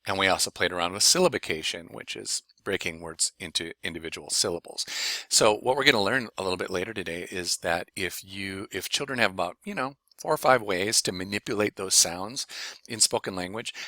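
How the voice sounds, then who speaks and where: Man, lecturer, bright voice, dry close sound, explains reading skills. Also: lowish voice, no echo. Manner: sings children's song, then explains calmly. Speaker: education lecturer. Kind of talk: university lecture with sung demonstration.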